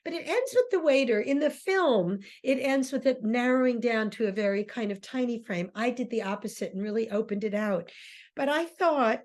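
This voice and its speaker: A woman's voice: a little high, animated, moderate pace, a little mellow. A woman lecturer and theater director giving a class on plays, talking with frequent ums and restarts. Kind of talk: lecture on drama, reading play excerpts aloud.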